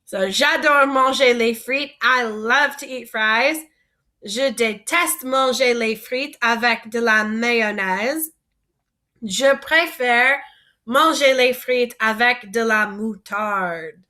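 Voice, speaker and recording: A woman's voice: fairly high pitch, slow, pushed and bright. A woman teaching a French vocabulary lesson, patiently asking learners to repeat words after her.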